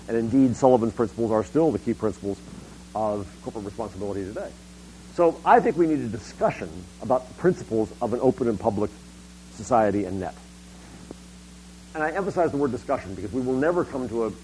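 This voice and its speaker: A man's voice: medium pitch, a little mellow, slight background noise, rough recording. A middle-aged man gives a public talk on internet policy. He speaks emphatically, often restarting and repeating words.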